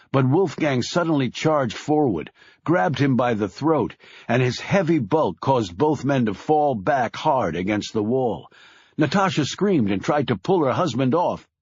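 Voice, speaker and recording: A man reading a thriller audiobook in a grave, measured way, dropping low on sad lines. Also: darkish tone, slightly rough, no echo, lo-fi sound. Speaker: audiobook narrator. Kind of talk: scripted audiobook narration.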